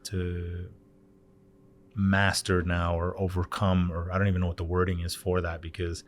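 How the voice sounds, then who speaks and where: Animated low-voiced man telling bar stories. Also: normal speed, a little hiss or hum. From Canada. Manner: animated storyteller, acts out quoted voices. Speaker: bar owner, podcast guest. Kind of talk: casual chat.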